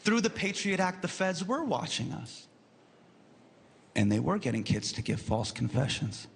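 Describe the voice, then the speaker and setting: A man doing animated stand-up storytelling on a live stage, acting out the people in his story. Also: fairly high pitch, moderate pace, vocal fry. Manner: animated, acts out characters. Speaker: stand-up comedian. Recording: loud live crowd and noise.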